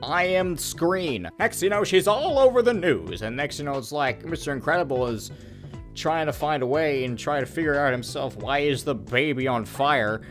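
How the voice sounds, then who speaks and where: A man's voice: mid-range voice, lively intonation, normal speed, soft background music. A young man recapping a film as a rambling, crude comedic parody, slipping in silly voices. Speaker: guest reviewer.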